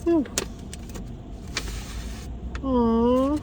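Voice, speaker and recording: A young woman vlogging to camera, soft and halting with many pauses and fillers, emotional and close to tears. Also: fairly low pitch, a little hiss or hum, low-quality recording. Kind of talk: personal vlog talking to camera.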